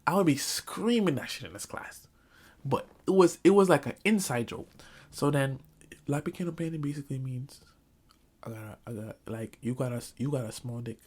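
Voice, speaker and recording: A young man from New York telling comic stories from his school days in an animated, slangy way, often breaking into laughter. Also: mid-range voice, normal speed, breathy edge. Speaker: vlogger. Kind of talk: comedic storytelling.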